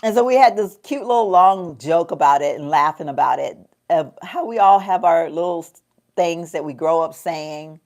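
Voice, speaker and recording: Chatty Southern woman vlogger, lower voice. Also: moderate pace, a little mellow. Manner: chatty, folksy, laughs often, calls viewers y'all. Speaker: lifestyle vlogger. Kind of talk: casual chat while doing makeup.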